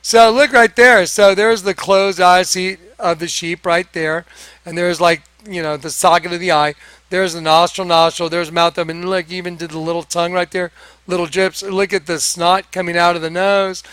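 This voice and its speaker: An excitable man tells a story straight to his viewers and acts out each exchange. His voice sits high with a bright, forceful edge. The recording is dry and close to the mic. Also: normal speed, clear, resonant tone, no room sound. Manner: excitable, acts out quoted dialogue. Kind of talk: animated storytelling monologue.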